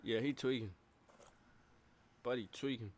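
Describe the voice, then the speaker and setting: Slow, slangy man reacting live. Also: medium pitch. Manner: slangy, repeats short phrases, loud bursts of surprise. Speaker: streamer reacting to videos. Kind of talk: casual live reaction commentary.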